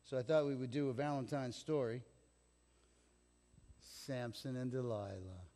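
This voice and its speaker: A man's voice: medium pitch, unhurried, warm tone. A middle-aged man preaching a sermon as pastor, telling stories in a casual, conversational way and acting out the people he quotes. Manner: conversational storytelling, acts out quotes. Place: church sanctuary. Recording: long church reverb.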